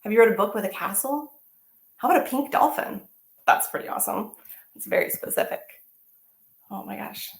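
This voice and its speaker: A woman teaching artist reading a picture book aloud to children, animated and exclamatory, often asking them questions. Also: mid-range voice, brisk, creaky, long pauses, reverberant.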